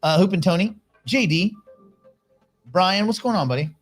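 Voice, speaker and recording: A man's voice: high-pitched, lively intonation, normal speed, soft background music. A man hosting a casual livestream, giving blunt, opinionated commentary and greeting viewers by name as they join. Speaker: livestream host reading chat.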